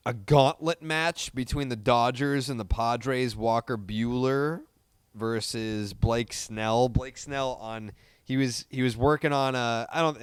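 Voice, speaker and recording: A man's voice: medium pitch, clear, resonant tone, no room sound. A man co-hosting a baseball podcast in a casual, wry way, swearing now and then. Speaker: podcast co-host. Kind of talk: casual chat.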